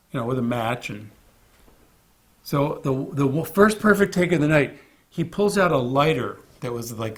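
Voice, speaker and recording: A man in an interview, telling a behind-the-scenes story in a casual, animated way and acting out other people's lines. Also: medium pitch. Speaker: film crew member recalling a production.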